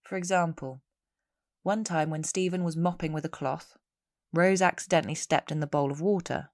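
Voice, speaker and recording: A woman's voice: deep voice, steady tone, moderate pace, dry recording, studio quality. A woman hosting a solo true-crime podcast, telling the story with chatty, wry asides. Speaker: podcast host.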